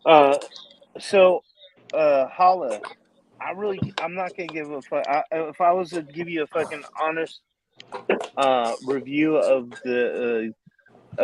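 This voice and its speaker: A man's voice: mid-range voice, a little hiss or hum, rough recording. Profane joking man hosting a chat. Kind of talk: casual chat.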